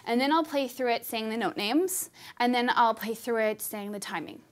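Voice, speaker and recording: A woman's voice: on the high side, moderate pace. A woman giving a live piano lesson, explaining in an upbeat, chatty way. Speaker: piano teacher. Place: studio with piano.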